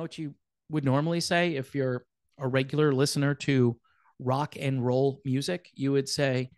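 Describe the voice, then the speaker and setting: A man's voice: medium pitch, animated, normal speed, no echo. A man hosting a casual commentary show, talking in a sarcastic, mocking way. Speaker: host.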